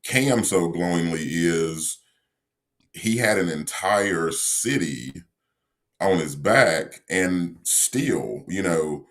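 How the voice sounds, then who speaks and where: A man co-hosting a sports podcast, talking in a measured, reflective way with frequent fillers. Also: low-pitched, expressive, a bit bright. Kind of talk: casual sports analysis.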